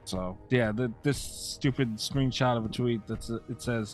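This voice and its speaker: A man co-hosting a podcast in casual chat, grumbling and deadpan, swearing often. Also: medium pitch, normal speed, soft background music. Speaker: podcast co-host.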